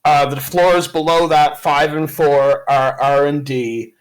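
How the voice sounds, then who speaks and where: A man playing in a tabletop game, talking hesitantly with frequent pauses. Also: fairly high pitch, fairly even intonation, smooth. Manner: hesitant, with many "uh"s. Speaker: player.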